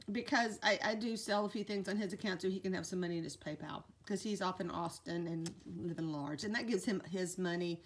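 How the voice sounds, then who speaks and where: Lady vlogging, middle-aged, rambles and chats to her dogs, normal mid pitch. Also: a bit bright, slightly rough. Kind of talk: casual chat.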